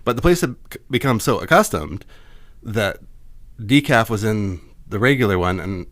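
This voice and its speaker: A man's voice: fairly low pitch, animated, moderate pace, a bit bright, dry recording. A man co-hosting a podcast in casual comedic chat, telling stories and laughing at puns. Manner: laughing, storytelling, playful puns. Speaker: podcast co-host.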